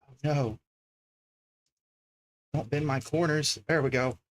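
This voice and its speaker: A man's voice: a little high, slow. A man livestreaming from his home desk, chatting casually and thinking aloud as he reads out card names one after another. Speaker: livestreamer opening card packs.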